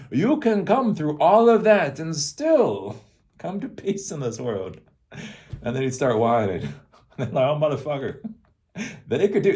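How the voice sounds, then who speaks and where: A man's voice: lowish voice, a little mellow. A man hosting a casual rant, rambling, swearing freely and often laughing. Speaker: host.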